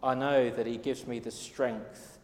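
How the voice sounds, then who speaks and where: A man's voice: mid-range voice, fairly even intonation, measured pace, darkish tone. A man gives a sermon in an earnest, storytelling way. His mid-range voice rings through a large hall with a long, echoing reverb. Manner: earnest, storytelling with quoted dialogue. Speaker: preacher.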